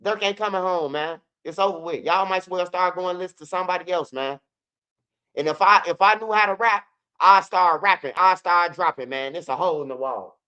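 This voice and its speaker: This commentary channel host has a high, sharp, smooth voice and speaks at a moderate pace over lo-fi audio. His casual street news commentary is a loose, blunt, profane rant in which he repeats himself and mocks rap lines by rapping them.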